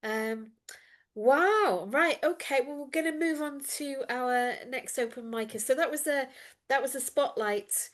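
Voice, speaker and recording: A woman's voice: high-pitched, a little slow. Effusive woman hosting an open mic. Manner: effusive, chatty, many fillers. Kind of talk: casual hosting.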